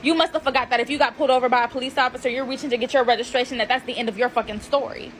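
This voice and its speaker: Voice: high voice, fairly even intonation, rapid-fire, fairly bright tone, a little hiss or hum. A woman in a heated, profane social media callout rant.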